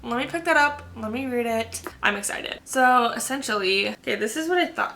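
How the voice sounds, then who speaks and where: A woman's voice: on the high side, normal speed, bright, forceful tone, a little hiss or hum. A woman in her twenties chatting casually about books to camera, gossipy and full of fillers. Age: 20s. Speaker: book vlogger. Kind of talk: casual book chat to camera.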